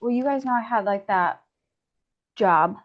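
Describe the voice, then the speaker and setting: Brief: chatty woman guest, lots of "like", mid pitch, dull lo-fi call audio. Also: measured pace. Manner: chatty, rambling, many "like" fillers, laughs often. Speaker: guest discussant. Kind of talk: casual chat.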